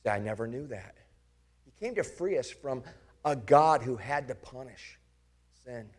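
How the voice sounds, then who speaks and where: A man's voice: mid-range voice, animated, a little slow. A pastor playing the disciple Thomas, an earnest grown man, in a first-person dramatic sermon monologue, speaking with passion and turning to the listeners with searching questions. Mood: reflective.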